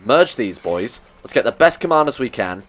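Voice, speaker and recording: Excitable man doing game commentary. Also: medium pitch, moderate pace. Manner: excitable, talks to in-game characters; self-mocking asides. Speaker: gaming video host. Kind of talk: let's play commentary.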